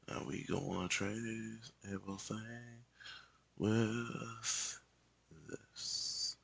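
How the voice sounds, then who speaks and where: A man's voice: on the low side, animated, slow, creaky, husky. A man chatting casually while he works on digital art, rambling and playful, drifting into humming and little songs between remarks. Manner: rambling and playful, hums and sings to himself. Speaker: digital artist and content creator.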